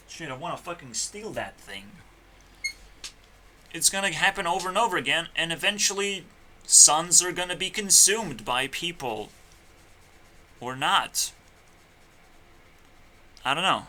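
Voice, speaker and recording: A man talking as a YouTuber in a rambling solo rant, profane and meandering, swinging between loud outbursts and mutters. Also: fairly high pitch, animated, unhurried, pauses often, slight background noise. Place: home computer setup.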